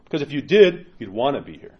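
A man preaches as an Orthodox priest in an informal, conversational way, often checking in with his listeners. His voice sits at a middle pitch. The recording sounds a little dull and muffled. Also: big pitch swings, fast talker, slightly rough. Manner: conversational and direct, many tag questions, acts out quoted parishioners. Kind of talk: informal homily to a congregation.

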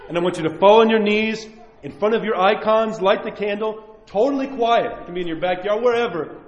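A man preaching a sermon as a priest, impassioned, swinging from loud pleading to near-whispered prayer. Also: high-pitched, lively intonation, brisk, dull audio. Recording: echoey church hall.

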